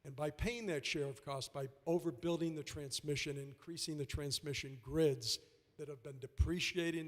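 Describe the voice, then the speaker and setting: A man making remarks at a public forum, halting and restarting often. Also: medium pitch. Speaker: industry representative. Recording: reverberant hall.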